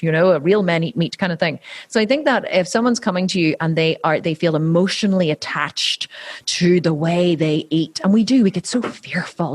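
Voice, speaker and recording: Fast-talking animated woman. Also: lowish voice. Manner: animated storyteller, acts out quoted voices, swears freely. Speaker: podcast host being interviewed. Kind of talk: casual conversational interview.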